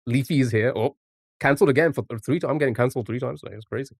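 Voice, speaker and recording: A man's voice: mid-range voice, rapid-fire, breathy edge, dry recording. Chatty male streamer, dry close mic. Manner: chatty, jokey, talks back to chat; swears casually. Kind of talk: casual live-stream chat.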